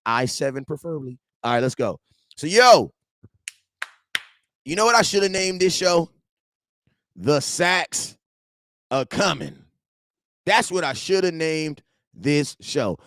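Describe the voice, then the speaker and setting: A man about forty hosting a casual football fan show from his garage, animated and slangy, swinging between loud outbursts and low asides. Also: takes it slowly, long pauses, dry recording, studio quality.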